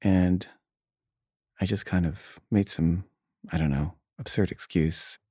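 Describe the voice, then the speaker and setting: A man's voice: low-pitched, fairly even intonation, takes it slowly, warm tone, breathy edge, dry recording, studio quality. A man casually telling a personal story, wry and loose, with frequent filler words.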